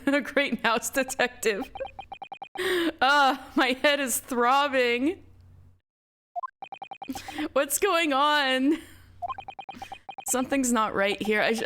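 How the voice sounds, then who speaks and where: Slow-talking giggly woman streamer. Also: high-pitched, pushed and bright. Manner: giggly, reads characters aloud with put-on voices. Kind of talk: let's play, reading dialogue aloud. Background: game music.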